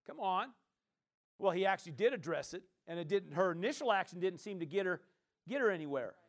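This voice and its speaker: A man's voice: high voice, expressive, brisk, a bit bright. A male pastor preaching a conversational sermon, often checking in with his listeners.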